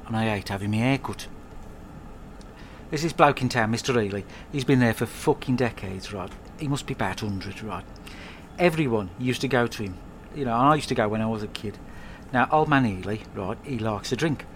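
A podcast host rambles through a comic monologue at home, swearing and staying deadpan. His voice sits in an ordinary middle range at normal speed, with faint ambient noise lingering behind him.

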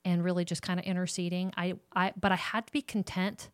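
Woman counselor, smooth lowish voice, direct casual talk to parents. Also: level tone, a little fast, no room sound. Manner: warm, direct, talks straight to moms. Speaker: ministry counselor and host.

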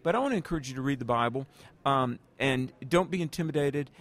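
A man's voice: mid-range voice, fast, fairly bright tone. A man, an evangelist answering interview questions with earnest stories, speaking directly to the listener. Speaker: guest evangelist.

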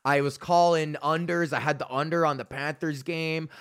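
A man's voice: fairly high pitch, steady tone, moderate pace, clean tone. Profane rambling male comedian. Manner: profane, rambling, loose and joking. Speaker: comedian and podcast host. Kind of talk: solo rant podcast.

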